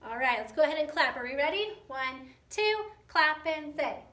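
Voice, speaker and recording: A woman music teacher giving a recorded lesson to young children, coaching them through warm-ups and rhythms in an encouraging way. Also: high-pitched, expressive, normal speed. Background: piano accompaniment.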